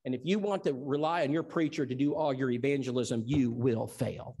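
A man's voice: medium pitch, fast talker, darkish tone. A man from Tennessee who teaches an evangelism seminar. He preaches in an emphatic storytelling style and acts out the dialogue. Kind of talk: sermon.

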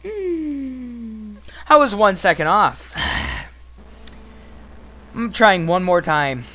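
A man's voice: sits high, very slow, poor audio. A young man commenting on a game as he plays, frantically repeating no and yelping. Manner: frantic, repeats "no" over and over, sudden yelps. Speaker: gamer. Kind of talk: let's play commentary. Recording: loud steady background noise.

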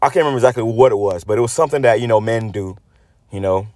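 Speaking very fast in a fairly low, slightly mellow voice, a man who hosts a religious channel rants through a blunt, profane sermon. He reads scripture out loud, then weighs in on it, frequently repeating words when he restarts. The recording is dry.

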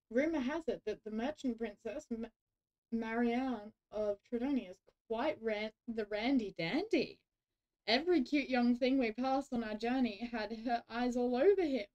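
A woman's voice: fairly high pitch, warm tone, dull audio, natural voice. Gossipy royal advisor, read out by a woman. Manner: reads game dialogue aloud with gossipy emphasis.

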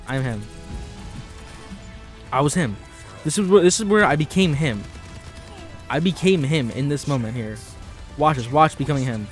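A young man rambling over his gameplay in a cocky, joking way, his voice sitting high and swooping all over the place. He keeps hyping himself up with playful swagger, and faint music runs underneath. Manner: boastful, playful, hyped-up and repetitive. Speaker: gaming YouTuber. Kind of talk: casual gameplay commentary.

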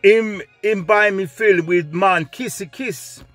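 A man's voice: high-pitched, takes it slowly, no echo, soft background music, voice pushed up. A man voicing an angry Jamaican man who loves cowboy films, speaking in heavy patois. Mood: complaining. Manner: heavy patois, indignant and loud.

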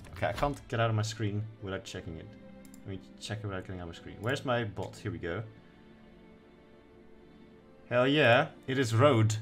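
A man's voice: on the low side, fairly bright tone. A young man doing casual let's-play commentary, laid-back, swearing now and then and reading game text aloud. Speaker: gaming streamer.

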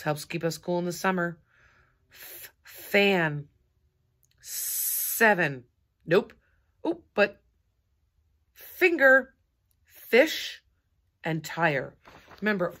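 A woman with a husky, somewhat low voice leads a recorded lesson for small children. She talks in a bright, sing-song, encouraging way, swooping her voice to keep young listeners engaged. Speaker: kindergarten teacher.

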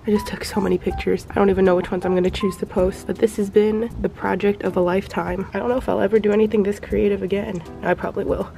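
A young woman chatting casually in a vlog, excitable and gushing, sounding slightly sick. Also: medium pitch, fast talker, creaky, few pauses, soft background music. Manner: excitable, gushing, exclaims often. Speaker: vlogger.

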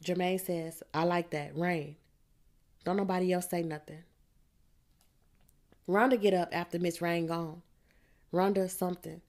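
Female audiobook narrator, low voice, steady first-person dialect read. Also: moderate pace, long pauses. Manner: reads in a street-dialect teen voice, low and steady.

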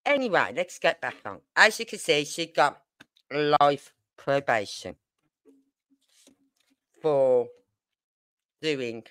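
A woman's voice: deep voice, expressive, takes it slowly, long pauses, a bit bright, no room sound, studio quality. An older woman from Birmingham with a Brummie accent, hosting a livestream in a rambling, chatty way with exasperated asides. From Birmingham, England. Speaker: true crime livestream host. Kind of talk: casual chat.

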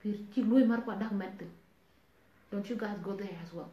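A woman's voice: mid-range voice, fairly quick. South Sudanese woman, earnest live-stream pleading, roomy lo-fi sound. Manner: earnest, pleading, mixing languages. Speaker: online talk host. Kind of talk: casual live-stream talk.

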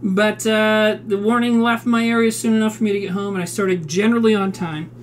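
A woman's voice: mid-range voice, steady tone, fairly quick, slight background noise. A woman from South Dakota cooking live on a stream, reading recipe steps aloud, swearing freely and answering chat in a home kitchen.

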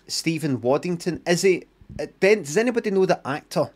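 Swearing Scottish streamer, higher voice. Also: male voice, animated, a little fast. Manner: chatty, muttering to himself, swearing. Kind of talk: live-stream commentary.

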